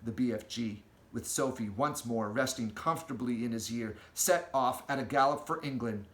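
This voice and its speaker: A man reading a children's storybook aloud with an expressive, storytelling delivery, in an echoey room. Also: mid-range voice, moderate pace. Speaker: audiobook reader.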